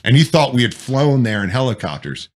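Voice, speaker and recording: Brief: veteran guy swapping war stories on a podcast, medium pitch, salty, loose and animated. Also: brisk. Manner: profane, animated war storytelling. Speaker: military veteran. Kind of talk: casual podcast chat.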